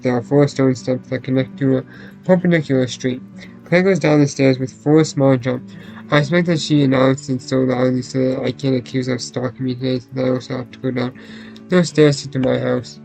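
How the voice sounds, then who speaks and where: A man reading a visual novel aloud, voicing every character and the first-person narration in much the same steady voice. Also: medium pitch, poor audio.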